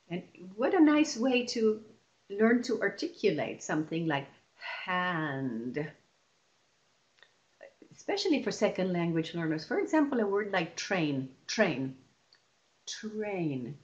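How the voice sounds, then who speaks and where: A woman leading a lesson for teachers, explaining patiently and stretching example words out slowly. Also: mid-range voice, a little mellow, dull audio. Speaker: teacher trainer.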